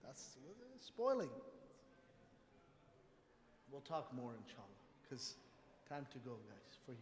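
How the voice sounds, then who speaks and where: A man's voice: medium pitch, slow, pauses often. Man preaching animatedly in an echoey hall. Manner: animated storytelling, acts out family dialogue. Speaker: imam giving a Friday talk. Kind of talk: sermon with personal stories. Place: mosque prayer hall.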